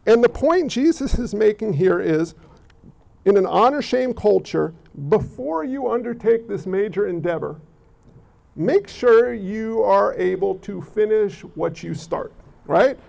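A man preaching a sermon in an animated way. He often repeats words as he builds his points. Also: sits high, measured pace, creaky. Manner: animated, repeats words, acts out quoted people. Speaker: pastor. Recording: dull lo-fi recording.

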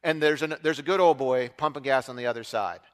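A middle-aged man preaching, telling a story in an animated way and acting out the other voices. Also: medium pitch, quick pace. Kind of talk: storytelling sermon. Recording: long hall reverb.

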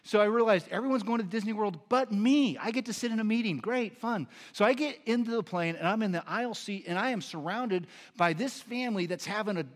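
A man, a pastor, delivering a sermon, moving between earnest teaching and animated storytelling. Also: high-pitched, a little fast, hardly any pauses. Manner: animated storytelling with lively impressions.

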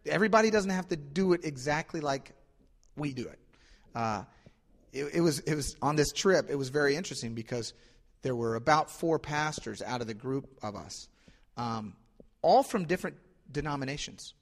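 A male pastor preaching a sermon in a conversational, animated way, often restarting his sentences. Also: mid-range voice, normal speed, pauses often, long reverb tail.

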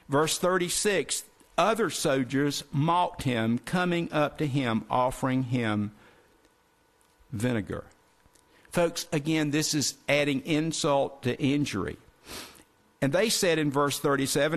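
A man preaching a sermon, earnest and direct, asking the congregation rhetorical questions and slowing down to stress key phrases. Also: fairly high pitch, a bit bright. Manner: earnest, addresses listeners as folks, asks rhetorical questions.

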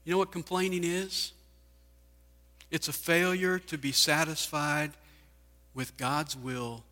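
Guy preaching a sermon, slightly high voice, big hall reverb, lots of rhetorical questions. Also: little pitch movement, takes it slowly, pauses often, pushed and bright. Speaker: pastor.

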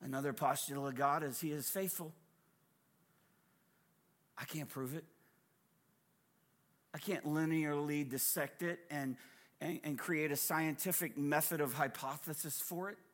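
A man preaching a sermon as a guest speaker, dramatic and humorous, moving from hushed asides to shouting. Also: a little high, steady tone, measured pace, pauses often. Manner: humorous, conversational storytelling.

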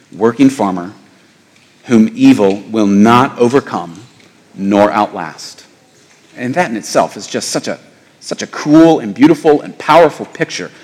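A man preaching a sermon as pastor, animated, his voice rising on emphatic questions and dropping low on solemn points. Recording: reverberant hall.

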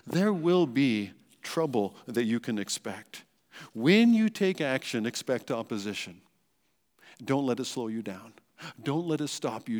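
Emphatic preaching man in a reverberant church. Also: mid-range voice. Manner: earnest and emphatic, with rhetorical questions and repeated phrases. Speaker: pastor. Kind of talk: sermon. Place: church sanctuary.

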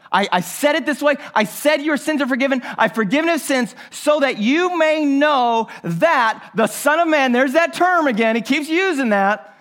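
A man's voice: extremely high pitch, big pitch swings, moderate pace, fairly bright tone. A male pastor preaching a sermon, repeating his phrases and asking the listeners rhetorical questions.

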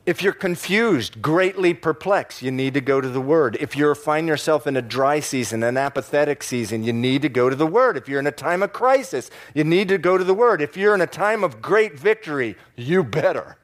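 A man preaching a sermon to a congregation in church, stressing key words by slowing down and repeating phrases. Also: medium pitch, animated. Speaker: pastor.

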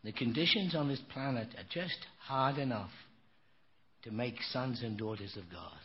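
A man's voice: mid-range voice, normal speed, husky. An older man preaching a sermon, telling stories in a folksy, emphatic way and often saying "you know.". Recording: dull lo-fi recording with faint noise.

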